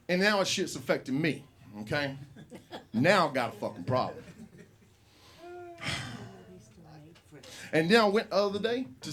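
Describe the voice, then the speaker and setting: A man hosts a live open mic comedy show, talking to the crowd with loose, profane storytelling. His voice sits high and swings widely up and down as he riffs. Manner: profane, rambling, animated storytelling. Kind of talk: stand-up comedy hosting. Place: comedy club. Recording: live room with audience.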